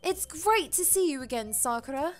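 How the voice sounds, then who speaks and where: A woman's voice: high voice, expressive, moderate pace, soft background music, pitched above the performer's own voice. A woman voicing a poised, popular teenage schoolgirl with a put-on British accent. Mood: polite.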